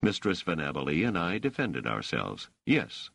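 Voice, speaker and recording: A man's voice: sits low, huge pitch swings, moderate pace, vocal fry, a bit bright, no room sound, heavily acted. A man voicing an indignant scholar who answers accusations firmly, hotly and grimly. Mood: defiant. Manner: firm, hot and grim. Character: indignant male scholar under questioning.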